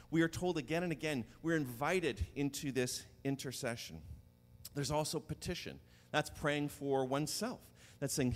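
Animated male preacher in a reverberant hall. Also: a little high. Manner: animated storytelling, acting out biblical dialogue. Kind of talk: sermon.

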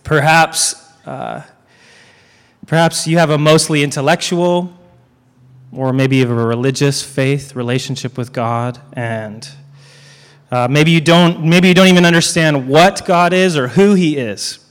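A man's voice: fairly high pitch, smooth. Man, sermon, guest preacher, emphatic repetition, joking asides, church hall reverb. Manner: emphatic, repeats key lines with dramatic pauses.

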